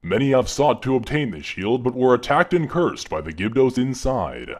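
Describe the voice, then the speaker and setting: A man voicing an earnest young girl who pleads for her cursed father, in a comedic fan dub, with a voice oddly low for a girl. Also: big pitch swings, moderate pace.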